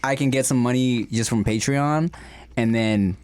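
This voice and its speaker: A man's voice: mid-range voice, unhurried, darkish tone, clean tone. A man in his thirties co-hosting a casual food podcast, laid-back and slangy, swearing freely. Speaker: podcast co-host. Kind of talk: casual chat.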